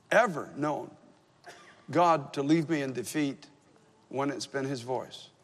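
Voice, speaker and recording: Man, pastor, sermon, conversational storytelling, wry self-deprecating, slightly high voice, long hall reverb.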